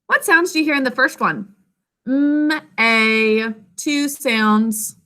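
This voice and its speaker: A woman with a high, bright voice teaches a spelling class. She dictates slowly and deliberately, stretching each word and breaking it into sounds and syllables. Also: animated. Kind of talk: spelling lesson.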